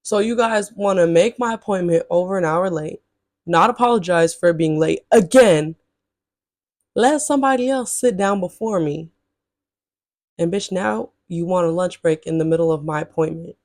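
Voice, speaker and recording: A woman vlogger telling a story straight to her viewers, chatty and blunt, swearing freely and jumping into high exasperated outbursts. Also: normal speed, darkish tone, dry recording, studio quality. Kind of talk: casual storytelling to camera.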